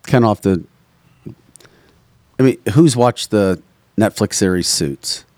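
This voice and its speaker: Talkative lower-voiced man hosting a podcast. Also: takes it slowly, darkish tone, dry recording. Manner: talkative, leads the conversation. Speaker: podcast host. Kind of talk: casual chat.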